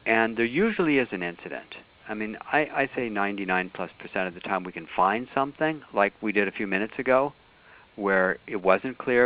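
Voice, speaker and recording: A man teaching a workshop on a group call, explaining in a calm, patient way. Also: fairly low pitch. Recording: phone-like call audio.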